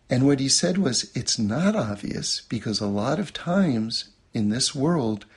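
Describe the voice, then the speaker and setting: A man teaching a religious lesson, telling a personal story and acting out quotes in a much higher voice, often checking in with "okay?". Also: animated, measured pace, vocal fry, few pauses, husky. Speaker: Torah teacher.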